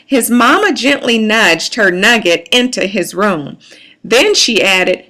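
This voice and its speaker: A woman reading a picture book aloud to children in an animated, sing-song way. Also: mid-range voice, slow pace. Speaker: storyteller.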